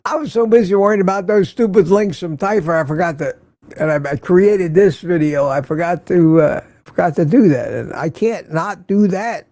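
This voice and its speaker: An older man chats through a casual morning live stream, greeting viewers one by one and laughing easily. His voice is mellow and slightly high, recorded close and dry. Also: moderate pace, no room sound. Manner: chatty, greets viewers by name, laughs often.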